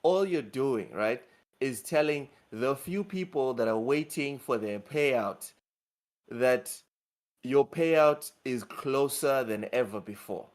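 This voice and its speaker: A man's voice: mid-range voice, animated, slow. A man co-hosting a gaming news show, talking bluntly and ranting in casual chat.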